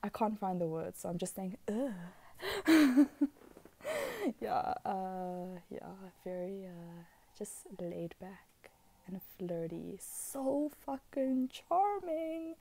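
A woman's voice: mid-range voice, slow pace, dark tone. A woman giving a casual, rambling astrology talk, giggly and chatty, who swears freely and slips into whispered asides. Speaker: astrology vlogger.

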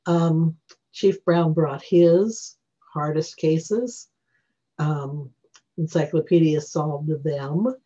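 A reading teacher walking through phonics rules during a screen-recorded software tutorial, thinking aloud and correcting themself along the way. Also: medium pitch, husky. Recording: dull lo-fi recording.

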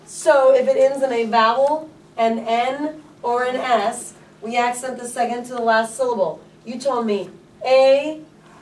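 A woman teaching a Spanish class, asking students questions and drawing words out slowly. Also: a little high, steady tone, a little mellow, a little hiss or hum. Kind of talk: classroom lesson. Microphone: camera from across the room. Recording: echoey classroom from far off.

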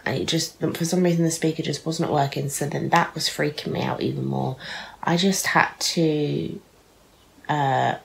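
Low, gravelly, nasal British woman. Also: fairly even intonation, normal speed, poor audio. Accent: British English. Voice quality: nasal, blocked nose. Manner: frank and rambling, swears, many ums. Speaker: vlogger. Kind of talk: casual chat to camera.

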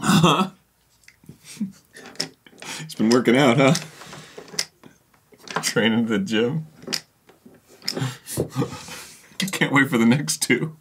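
A man's voice: mid-range voice, drawn-out words, long pauses. Playful laughing man, noisy recording. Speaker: let's play host. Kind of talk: casual banter.

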